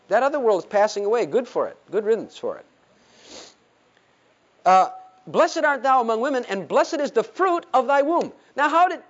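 Preacher, male, lively pulpit delivery, muffled lo-fi church recording. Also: sits high. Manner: animated, rhetorical questions, acts out Bible quotes. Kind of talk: sermon. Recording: dull lo-fi sermon recording.

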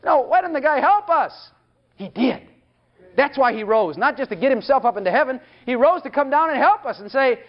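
A male preacher gives an emphatic, animated, brisk sermon in a strikingly high voice that swoops up and down. He repeatedly poses questions to the congregation and acts out God's voice. The recording is dull and lo-fi.

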